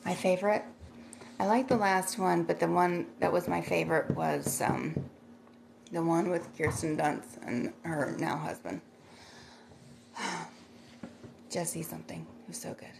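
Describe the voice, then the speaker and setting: A woman's voice: fairly low pitch, fairly even intonation, unhurried, creaky, pauses often, a little hiss or hum. A middle-aged woman chatting casually on a livestream, rambling and thanking viewers by name as she reads their comments.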